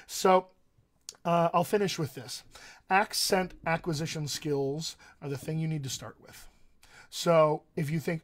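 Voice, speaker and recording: American man, dialect coach on a livestream, earnest and emphatic, slightly higher voice, repeats his points. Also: fairly even intonation, measured pace. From United States. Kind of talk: livestream teaching talk.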